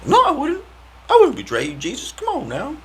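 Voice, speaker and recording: A man putting on a high, whiny falsetto voice to mock a man who swears he would stay faithful. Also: huge pitch swings, a little fast, bright, forceful tone, slight background noise, exaggerated voice. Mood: protesting.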